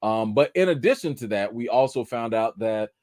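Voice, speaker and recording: A man hosting a casual live-stream chat, speaking, breaking into excited exclamations and reading viewer comments aloud. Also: medium pitch, normal speed, no echo, studio quality. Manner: animated, preacher-like exclamations. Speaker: host of a live chat show.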